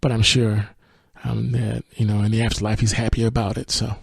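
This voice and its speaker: Male podcast host, gravelly voice, dry close sound, casual music review with lyrics read aloud. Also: on the low side, brisk, no echo. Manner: relaxed, thinking aloud with fillers and restarts.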